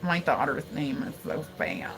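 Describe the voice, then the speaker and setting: A low, slow, drawn-out voice that pronounces every syllable with exaggerated care, as a woman mocks someone while live streaming. It is dropped and softened, with a sneering, unhurried delivery. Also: sing-song, gravelly, heavily acted. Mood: mocking. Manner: drawn-out, every word overpronounced. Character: mocking low slow over-enunciating woman.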